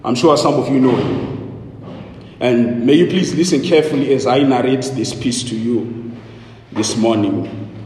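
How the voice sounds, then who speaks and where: A male preacher praying and opening a sermon in a solemn, deliberate manner. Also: medium pitch, darkish tone, a little hiss or hum. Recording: echoey hall with long reverb.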